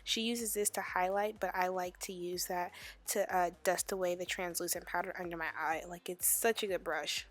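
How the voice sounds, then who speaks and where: A young woman speaking a chatty makeup tutorial voiceover in a loud whisper, late at night at home, full of "like" fillers. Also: on the low side, fairly even intonation, moderate pace. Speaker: beauty vlogger.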